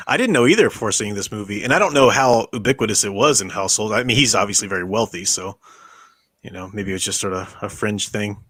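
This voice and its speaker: A man hosting a casual film rewatch commentary, chatty and animated as he picks apart scenes. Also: on the low side, fast, breathy edge. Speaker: podcast host.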